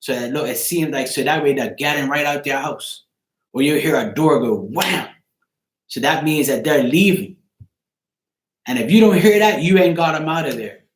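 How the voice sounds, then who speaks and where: Speaking at normal speed in a voice on the high side, a live chat show host gives a viewer advice in a casual setting. He repeats himself emphatically, swears freely, and says "right?" again and again, all in an echoey room.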